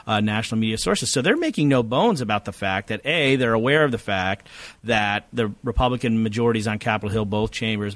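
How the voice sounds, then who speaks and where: A man's voice: on the low side, fairly bright tone, no room sound. A middle-aged man, a political science professor, giving long, detailed, lecture-like answers in an interview. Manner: rapid, detailed, lecture-like explaining.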